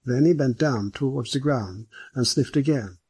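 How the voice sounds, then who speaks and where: A man reading a detective story aloud as the narrator, in a measured, even manner. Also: medium pitch, slightly rough, dry recording. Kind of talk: scripted audiobook narration.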